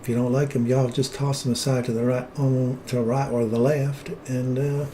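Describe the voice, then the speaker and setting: A folksy, drawling Southern voice, as a man puts it on, casual and homespun, pitched in an everyday middle register. A faint hum of noise sits under the stream. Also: little pitch movement, normal speed, warm tone, close to an everyday voice. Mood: playful. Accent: put-on American Southern.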